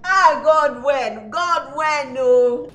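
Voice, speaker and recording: An actress with a Nigerian accent playing a lively young woman who teases her nervous friend in a film drama, slipping into Pidgin. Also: high-pitched, extremely slow, exaggerated voice. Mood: teasing. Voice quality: teasing, lively, mixing Pidgin into English.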